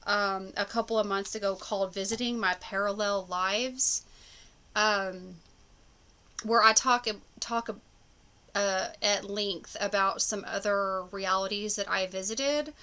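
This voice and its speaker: Woman, bright voice, casual monologue, rambling, lots of ums and restarts. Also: mid-range voice, fairly even intonation, takes it slowly, smooth. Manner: rambling, many fillers and restarts. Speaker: spiritual vlogger.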